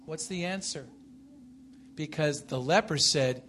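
A man preaching with a bright, fairly high voice. He speaks slowly, swings between loud declarations and low, intense passages, and keeps putting questions to his listeners. Faint noise sits behind him. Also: animated. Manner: emphatic, rises and falls in pitch and loudness, asks the congregation questions. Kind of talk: sermon.

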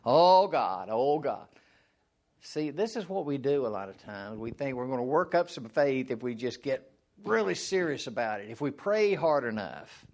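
A man's voice: very animated, normal speed, darkish tone. A man giving a sermon in a conversational way, asking the listeners questions and answering them himself, and now and then acting out a mock prayer. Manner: acts out mock prayers in a high strained voice. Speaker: preacher.

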